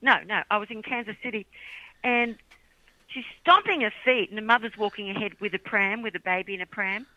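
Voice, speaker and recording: A woman's voice: medium pitch, fairly quick, no echo, highs cut off. A middle-aged woman chatting casually as a guest, telling stories animatedly and laughing often. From Australia. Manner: animated storyteller, laughs often, acts out quotes. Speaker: guest, children's songwriter. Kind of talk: casual podcast chat.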